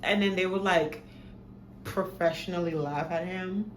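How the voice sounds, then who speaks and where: In an echoey room with faint noise behind her, a young woman storytime vlogger recounts a personal story full of swearing. Her voice is fairly low and unhurried, and she tells it in an animated, dramatic way.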